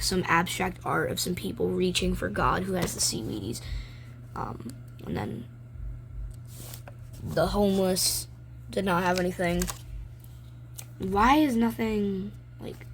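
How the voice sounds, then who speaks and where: A woman's voice: fairly low pitch, slight background noise. A young woman in a casual show-and-tell vlog, rambling and chatty as she describes her own comics at home. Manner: rambling, chatty, reads her own comics aloud with quick silly voices. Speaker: vlogger showing her drawings. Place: home room, lights turned down.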